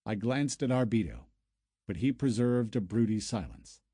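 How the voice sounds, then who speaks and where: A man's voice: on the low side, normal speed, husky, dry recording. A man narrating a first-person sci-fi novel as an audiobook, close to the mic. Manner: storytelling, expressive.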